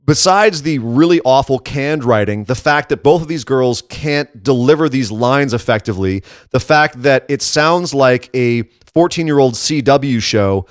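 A man co-hosting a casual podcast who rants with sarcasm and animated frustration. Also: medium pitch, measured pace, few pauses, no echo, studio quality. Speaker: podcast co-host. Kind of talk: casual wrestling commentary chat.

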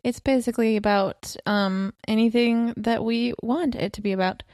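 A woman in her twenties co-hosting a home podcast with her husband, talking in a relaxed, giggly way full of "like" and "um". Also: a little high, normal speed, no echo, clean studio sound. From California. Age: 20s. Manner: laid-back, giggly, filler-heavy. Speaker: podcast co-host. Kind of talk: casual chat. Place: bedroom at home.

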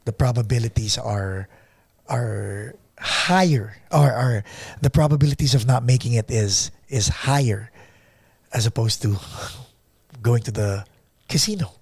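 A man's voice: mid-range voice, measured pace, creaky, a little mellow, breathy edge, no echo. A man hosting a podcast interview, asking probing follow-up questions. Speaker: podcast host.

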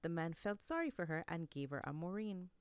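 Storyteller: woman, low-ish voice with lots of melody, dry close sound. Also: brisk, clear, resonant tone, dry recording. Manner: expressive, lively read-aloud. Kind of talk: storytelling narration.

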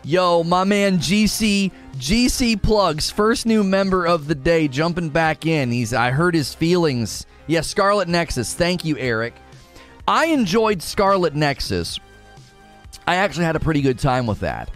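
A man hosting a casual gaming live stream, jokey and animated, with loud bursts and quiet mutters. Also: on the high side, unhurried, faint music behind.

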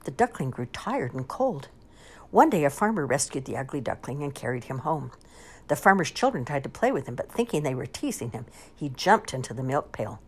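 A woman reading children's storybooks aloud with lively, expressive delivery. Her low voice is a little husky, and her melody rises and falls a lot from line to line. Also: brisk. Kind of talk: animated storybook read-aloud.

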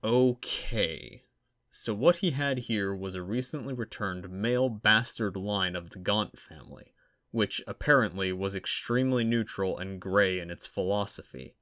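Low-voiced man reading a story aloud. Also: moderate pace, no echo, clean studio sound. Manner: steady, even storytelling delivery. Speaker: audiobook narrator.

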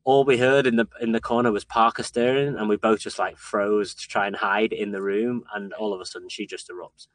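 A young man co-hosting a podcast, telling sweary, animated stories about parenting in casual chat. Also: on the low side, a little fast, hardly any pauses. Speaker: podcast co-host.

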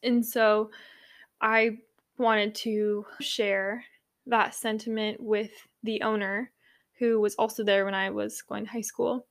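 A woman's voice: mid-range voice, flat delivery, takes it slowly. A young woman, a yoga teacher from California, telling a personal story in a casual, earnest, rambling way full of fillers.

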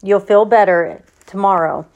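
A woman voicing a gentle, worried country mother who speaks softly and comfortingly, in a plain reading of a storybook. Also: mid-range voice, unhurried, muffled recording, close to an everyday voice. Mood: tender.

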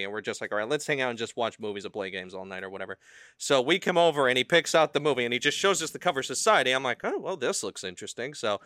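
Man, podcast co-host, lively pitch, bright tone, dry sound, animated storytelling, swears freely. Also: clear, resonant tone, no room sound. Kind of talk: casual storytelling.

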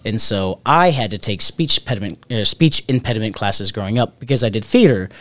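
A man's voice: lowish voice, lively intonation, a little fast, a bit bright, dry recording. A man co-hosting a podcast in casual, profane, joking chat, rambling and restarting his sentences. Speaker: podcast co-host.

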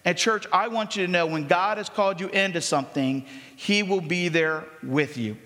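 At a moderate pace, the pastor preaches his sermon with a lively, high-pitched voice that echoes at length around the sanctuary. His style is conversational with the congregation, and he dramatizes the voices of the story's people.

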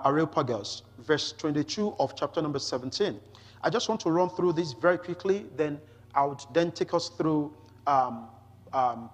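A man preaching a Bible teaching sermon, reading scripture aloud with rising emphasis and pausing to explain it, often saying hallelujah. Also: on the high side, long reverb tail. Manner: peppers talk with "glory to Jesus" and "hallelujah".

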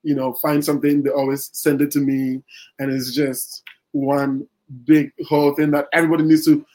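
Guest poet, male, chatty and rambling, voice a touch high. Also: poor audio. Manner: rambling, many fillers and restarts. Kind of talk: casual interview talk.

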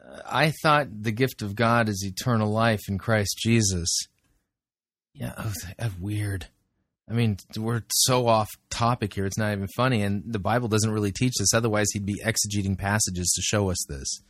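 A man's voice: lowish voice, normal speed, fairly bright tone, no room sound. Dry, skeptical male commentator. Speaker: sermon reviewer. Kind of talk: critical commentary.

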